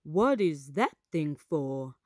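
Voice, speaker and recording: A woman's voice: low-pitched, big pitch swings, takes it slowly, no echo, studio quality, full character voice. A woman voicing a curious, bookish young male explorer in a children's storybook reading, eager and matter-of-fact.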